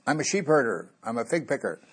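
A man preaching a sermon, telling a Bible story and getting louder when he quotes scripture. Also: mid-range voice, fast talker, breathy edge. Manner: animated, rising loud on quoted scripture.

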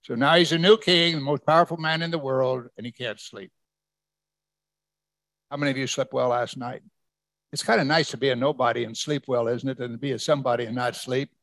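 A pastor with a medium-pitched, slightly bright voice speaks a little fast with fairly even intonation, recorded with no room sound. He reads scripture verse by verse in a conversational sermon and asks his congregation questions.

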